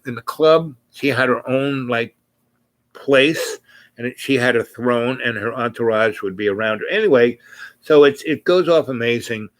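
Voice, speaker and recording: A man spins a rambling anecdote, full of fillers and self-corrections. His pitch sits in an average range, and the recording is close and dry. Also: fairly bright tone, no room sound. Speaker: storyteller.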